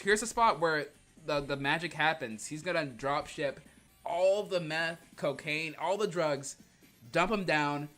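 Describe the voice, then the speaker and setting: A man's voice: on the high side, a bit bright. A man livestreaming a comic reading, joking in heavy slang and laughing often. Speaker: streamer.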